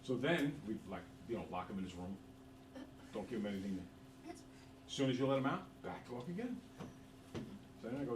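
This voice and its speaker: A middle-aged man teaching math and drifting into joking stories, his voice rising and falling a lot. He is picked up by a distant camera in a roomy classroom. Steady background noise sits under his voice. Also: mid-range voice, moderate pace, pauses often. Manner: joking, animated storyteller. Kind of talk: classroom lecture with storytelling. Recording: echoey room from far off, background noise.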